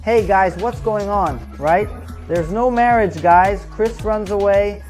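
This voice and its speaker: Casual rambling episode recap, reviewer says bro a lot, middle pitch, faint music under it. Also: takes it slowly, darkish tone. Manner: rambling, chatty, tags "right?" and "bro". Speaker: show reviewer.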